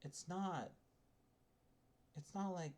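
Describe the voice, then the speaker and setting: A man's voice: high-pitched, takes it slowly, a little mellow. A man delivering a casual, rambling spoken rant as a video essayist, with frequent restarts and the odd swear.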